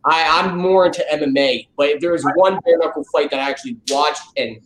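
A man hosting a podcast, excitable and swearing as he tells stories. His voice is a little high and bounces around an echoey room. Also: a little fast, slight background noise. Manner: profane, excitable storyteller. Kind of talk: casual chat.

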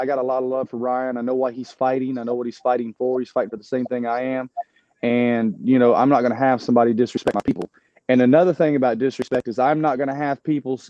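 A man tells his side of a fight in heated, rambling, profane bursts, circling back and restarting. His voice sounds dark and mellow. The audio is dry but dull, with a lo-fi edge. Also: medium pitch, dry recording. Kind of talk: casual storytelling.

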